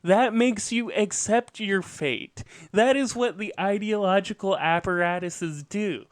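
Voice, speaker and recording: High, unhurried man lecturing on politics. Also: no room sound. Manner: earnest, lecturing, with asides and self-corrections. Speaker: podcast host. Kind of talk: political commentary monologue.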